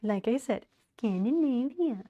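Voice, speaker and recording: A woman's voice: on the high side, expressive, measured pace, dull audio. A woman livestreaming from her home office, chatting casually as she sorts and works, greeting and thanking viewers and laughing often. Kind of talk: casual livestream chat while doing home chores.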